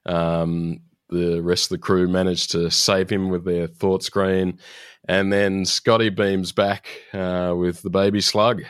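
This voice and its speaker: A man's voice: low-pitched, little pitch movement, slow pace, smooth, no echo, studio quality. A man co-hosting a podcast, chatting casually as he recaps an episode, laughing often and using lots of fillers. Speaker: podcast co-host.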